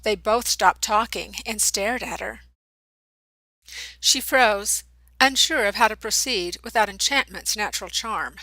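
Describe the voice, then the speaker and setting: A woman narrating a young adult novel as an audiobook, reading in an expressive storytelling manner. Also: medium pitch, a little slow, dry recording, low-quality recording.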